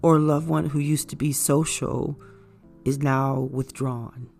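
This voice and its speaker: A woman speaking in an earnest, measured way as she guides caregivers, her gravelly voice at a middle pitch. Faint music plays softly behind her. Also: steady tone. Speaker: caregiver educator. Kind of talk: informative talk to camera.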